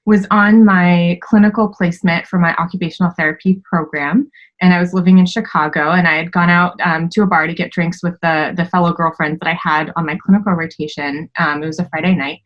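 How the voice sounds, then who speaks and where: A woman in her twenties, a podcast guest, telling a personal story candidly, with many fillers and sharp rises when she quotes herself. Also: on the low side, steady tone, fairly quick, lo-fi sound.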